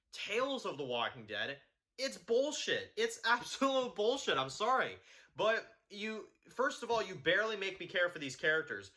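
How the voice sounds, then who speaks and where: A man's voice: on the high side, bright, forceful tone. A man giving a blunt, profane, heated video review of a TV show.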